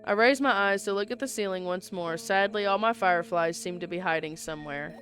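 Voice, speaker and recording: Reading every line of a visual novel herself, narration and dialogue alike, a woman plays through it with casual asides along the way. She has a mid-range, fairly bright voice and speaks a little fast over soft background music.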